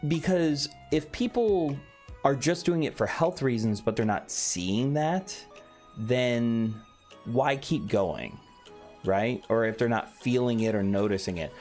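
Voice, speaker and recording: A man's voice: medium pitch, animated, slow pace, darkish tone. A man casually chatting on a late-night stream, reading chat aloud and swearing offhandedly. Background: faint background music.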